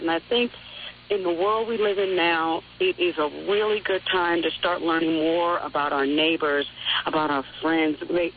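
A woman from Harlem, New York City, calling in to a radio show to tell a heartfelt story with warm earnestness. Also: fairly low pitch. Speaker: caller. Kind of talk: call-in storytelling. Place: phone call into radio show. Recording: phone line with faint noise.

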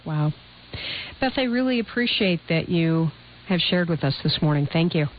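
A woman radio talk show host with a somewhat low voice, guiding callers attentively and smoothly. The broadcast sound is a little dull, with faint noise underneath. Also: expressive, moderate pace. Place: radio studio.

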